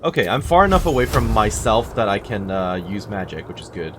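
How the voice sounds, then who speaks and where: A man's voice: fairly low pitch, very animated, fairly quick. A man giving casual gameplay commentary, with wry asides muttered to himself. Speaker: gameplay video host. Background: game music.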